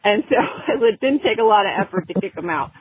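A woman's voice: mid-range voice, fast talker, breathy edge, dry recording. Chatty woman in her forties on a phone-like line. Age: 40s. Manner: chatty, animated storytelling with filler words. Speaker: guest, women's health coach. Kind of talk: casual podcast chat, storytelling. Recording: tinny, phone-like remote audio.

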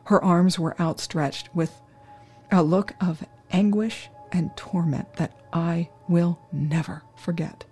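A crime scene worker telling a true crime story in the first person, with a measured, solemn delivery. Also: medium pitch, steady tone, darkish tone, husky, faint music behind.

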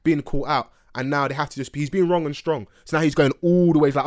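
A man's voice: on the high side, moderate pace, dry recording, studio quality. A young man telling stories and trading banter on a podcast. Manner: animated storytelling with slang. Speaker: podcast host.

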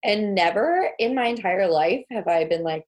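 A woman's voice: mid-range voice, lively intonation, normal speed. A young woman guest telling stories in a casual interview, chatty, laughing and using many fillers. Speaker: guest, homemaking mentor.

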